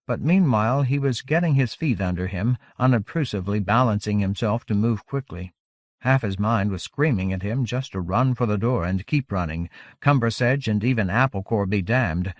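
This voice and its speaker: A man narrating a novel aloud in a measured, steady audiobook reading. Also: on the low side, no echo, clean studio sound. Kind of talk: scripted narration.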